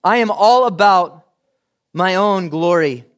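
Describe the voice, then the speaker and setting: A man preaching voices God as a loud, proclaiming figure who demands all the glory. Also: sits high, slow pace, voice pushed up. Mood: booming.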